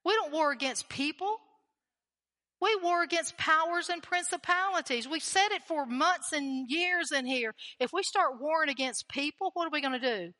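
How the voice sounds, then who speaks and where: Woman preaching, high bright voice, all fired up, big echoey hall. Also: normal speed. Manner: fervent, emphatic, repeats lines for stress. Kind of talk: sermon.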